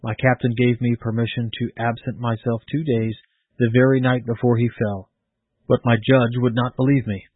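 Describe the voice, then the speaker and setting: Guy doing a doomed young soldier, proud and torn up, husky voice, phone-line sound. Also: medium pitch, flat delivery, normal speed, no room sound, close to an everyday voice. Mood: earnest. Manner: earnest, old-fashioned speech. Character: condemned young male soldier, proud, anguished.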